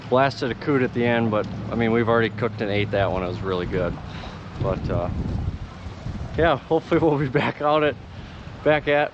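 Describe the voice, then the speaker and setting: A man's voice: medium pitch, muffled recording, noisy background. A man hosting a casual duck hunting vlog outdoors, swearing freely as he talks. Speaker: duck hunter and channel host. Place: outdoors on a marsh.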